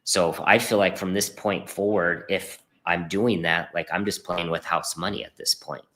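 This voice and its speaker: A man in his thirties with a notably deep, low-pitched voice shares a personal story as a guest on a podcast. He talks earnestly and with emotion, stumbling over fillers and restarting his sentences. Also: fairly even intonation, moderate pace, sharp tone. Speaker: podcast guest, performance coach. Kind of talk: heartfelt conversational storytelling.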